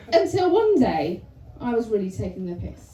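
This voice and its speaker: A woman's voice: medium pitch, very animated, unhurried, dark tone. A woman performing a chatty, self-mocking stand-up comedy set on a club stage. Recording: roomy venue sound, from a distance.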